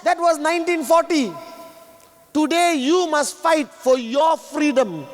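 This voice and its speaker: A man giving a motivational stage speech, emphatic and repetitive, sometimes shouting at the audience. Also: extremely high pitch, measured pace, slight background noise. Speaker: motivational speaker. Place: large event hall. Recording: long reverb of a large hall.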